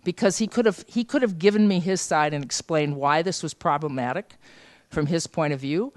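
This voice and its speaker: A woman's voice: deep voice, normal speed, no echo. Woman telling a story, dry close sound. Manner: lively anecdotal, acts out quoted dialogue. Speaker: journalism trainer. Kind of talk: storytelling seminar talk. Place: seminar room.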